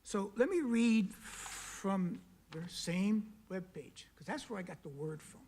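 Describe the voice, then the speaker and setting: This South Carolina man takes it slowly as he speaks at a county council meeting in the council chamber, his emphatic public comment full of pointed questions and repeated key words. His high-sitting voice is expressive and a little mellow, and there's a little hiss or hum on the recording.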